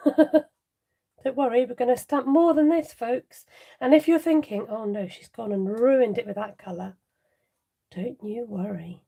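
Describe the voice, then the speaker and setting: A chatty woman leads a live craft tutorial, her fairly high voice carrying a gravelly fry and a husky edge. She laughs easily and mutters little asides to her viewers while she works. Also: measured pace, dark tone. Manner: talks straight to viewers and reads out their comments. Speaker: papercraft demonstrator hosting a live stream.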